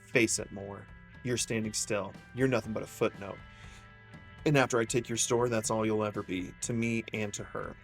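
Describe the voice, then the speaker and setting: A man's voice: fairly low pitch, steady tone, normal speed, vocal fry. A man voicing a smug, ambitious music-mogul rival who gloats and talks down to others in a game. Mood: sneering. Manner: gloating, condescending.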